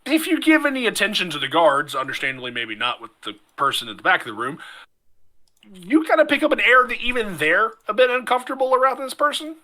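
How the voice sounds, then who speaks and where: A man narrating as game master of a tabletop game, relaxed and thinking aloud with many fillers. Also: high-pitched, fast talker.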